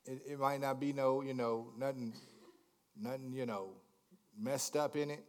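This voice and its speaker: A man preaching a sermon, repeating words in stammering restarts, asking the congregation questions and swinging from hushed lines to shouted climaxes. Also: mid-range voice, steady tone, normal speed. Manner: repetitive stammering restarts, call-and-response questions. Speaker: pastor.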